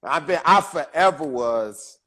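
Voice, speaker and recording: Man, from Chicago, comedian guest, somewhat high voice, animated storytelling, repetitive build-ups. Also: a little slow. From Chicago, USA. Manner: animated, laughing, repeats words as he builds a point. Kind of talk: casual storytelling interview.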